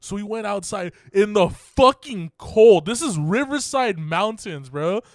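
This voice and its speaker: A man's voice: high-pitched, lively intonation, unhurried, dry recording, studio quality. A young man hosting a podcast, telling a story in casual talk, laughing often, swearing, and acting out other people's lines. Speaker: podcast co-host.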